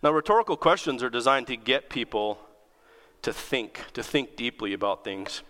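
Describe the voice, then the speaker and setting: A man's voice: mid-range voice, lively intonation, moderate pace, a bit bright. A man preaching a sermon in a conversational, storytelling way, reading scripture aloud. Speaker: pastor. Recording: long reverb of a large hall.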